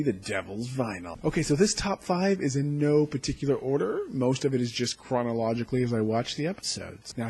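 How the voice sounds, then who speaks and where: Very husky man reviewing a show. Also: mid-range voice. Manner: excited, recounts scenes with acted-out quotes. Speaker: TV episode reviewer, channel host. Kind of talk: casual video review chat.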